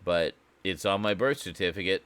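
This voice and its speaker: A man's voice: deep voice, moderate pace, a bit bright, a little hiss or hum. A man from Canada chatting casually on a stream, joking and mocking himself. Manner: joking, self-mocking, talks to absent chat. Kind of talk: casual live-stream chat.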